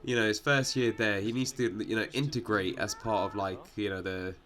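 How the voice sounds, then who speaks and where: Low-voiced young man rambling about gaming. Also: steady tone, a little fast, a bit bright. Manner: rambling, heavy with fillers like "like" and "you know". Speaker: gaming channel host. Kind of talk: casual video game commentary.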